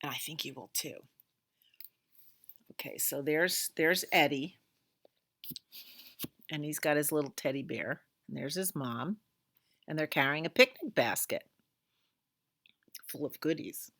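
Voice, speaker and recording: Storytime librarian, woman, expressive reader, bright tone, slow pace. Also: low-pitched, no room sound, studio quality. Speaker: children's librarian. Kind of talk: storytime read-aloud.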